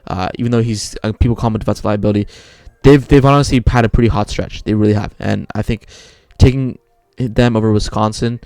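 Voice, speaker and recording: Fast, gravelly young man rambling picks. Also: fairly low pitch, steady tone, darkish tone, dry recording, studio quality, soft background music. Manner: rambling, self-correcting, restarts often. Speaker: sports video creator. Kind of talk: casual bracket picks talk.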